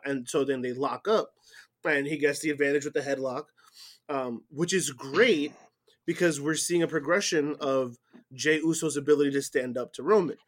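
A man co-hosting a casual wrestling recap chat, animated and given to loud whoops. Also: fairly high pitch, moderate pace. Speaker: podcast co-host.

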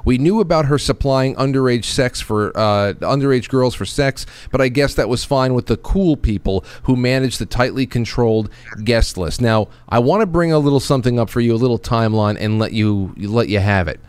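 A male show host in casual political talk, halting and questioning, often restarting his sentences. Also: medium pitch, a little mellow, smooth, no room sound.

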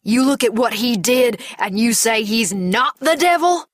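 A woman voicing a big, grief-stricken older man who talks in a heavy, halting way. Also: lowish voice, fairly bright tone, no echo, studio quality. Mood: angry.

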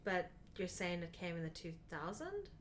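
A woman co-hosting a casual movie podcast, effusive and quick to laugh as she gushes about films. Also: lowish voice, sing-song, slight background noise. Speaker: podcast co-host. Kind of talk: casual movie review chat.

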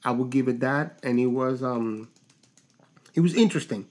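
A man co-hosting a podcast in casual chat, telling stories in a halting way with many restarts. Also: medium pitch, a little mellow. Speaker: podcast co-host.

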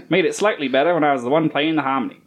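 A man's voice: on the high side, fast talker, lightly acted. A man reading a listener's letter in a clumsy mock Australian accent, voicing a rowdy Australian bagpiper who keeps laughing through it. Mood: cheeky.

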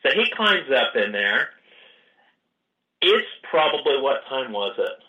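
Man, storyteller, crisp bright tone, animated quoted dialogue. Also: mid-range voice, slow pace, muffled recording. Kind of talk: casual storytelling.

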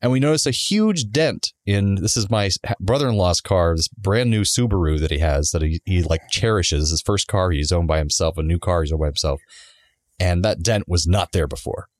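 A man on a podcast casually telling a long personal story, animated, acting out the people he quotes. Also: sits low, normal speed, no room sound. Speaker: podcast co-host.

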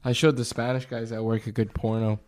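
A man's voice: medium pitch, level tone, fairly quick, a little mellow. A man co-hosting a podcast, joking crudely with friends and mimicking others. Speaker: podcast co-host. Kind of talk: casual crude banter.

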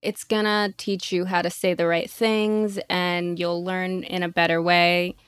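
A woman's voice: on the low side, level tone, unhurried, smooth, no room sound, clean studio sound. A woman from Florida who grew up speaking Spanish first, a chatty podcast guest who laughs easily. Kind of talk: casual chat.

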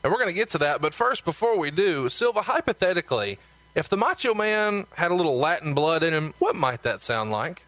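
A man hosting a talk podcast, leading into segments briskly. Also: a little high, big pitch swings, fairly bright tone, no room sound. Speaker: host.

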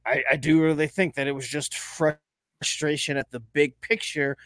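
A man's voice: on the high side, normal speed, no echo. A man co-hosting a casual sports podcast, arguing his point hard and swearing freely. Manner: animated, swearing, argues hard. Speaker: podcast co-host.

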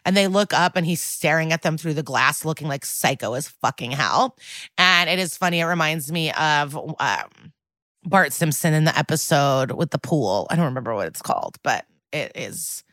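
A woman's voice: deep voice, lively intonation, normal speed, a bit bright, no echo. A woman co-hosting a podcast, chatting casually through an episode recap. She swears freely and laughs often. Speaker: podcast co-host.

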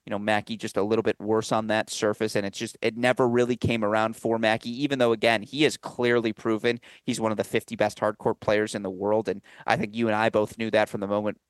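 A man hosting a sports podcast, talking through his picks in rapid, animated run-on analysis. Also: lowish voice, dry recording. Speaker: podcast host. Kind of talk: casual sports podcast chat.

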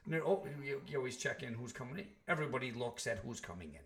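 A man's voice: medium pitch, quick pace, vocal fry. A man telling joking stories in casual on-air banter. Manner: storytelling, animated and joking.

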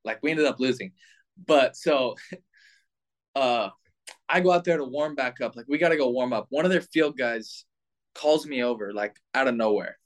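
A young man in his twenties, a baseball player, telling a story in a casual, animated way with lots of filler words. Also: medium pitch, moderate pace.

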